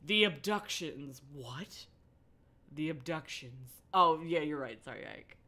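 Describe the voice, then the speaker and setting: A woman's voice: low-pitched, animated, slow pace, sharp tone. A woman streaming a live book reading, with sarcastic joking commentary and frequent laughs. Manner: sarcastic, laughs often, interrupts herself.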